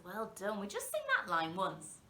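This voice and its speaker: A woman's voice: medium pitch, reverberant. A young woman presenting an interactive singalong lesson for young children, encouraging them and stretching out her words. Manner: animated, encouraging, drawn-out words. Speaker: primary school workshop presenter.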